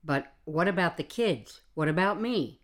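A woman's voice: lowish voice, lively intonation, unhurried. A woman reading the part of a worried, exasperated middle-aged husband who pleads with his wife. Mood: pleading. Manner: pleading, anxious. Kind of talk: audiobook dialogue reading.

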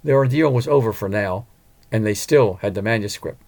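A man narrating a storybook in a measured, even manner. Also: fairly low pitch. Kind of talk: scripted audiobook narration.

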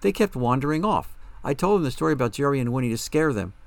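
A man's voice: medium pitch, lively intonation, fast talker, creaky, no echo, voice pushed up. A man voicing a guilt-ridden, secretive mother in an audiobook, pleading and defensive. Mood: confessing.

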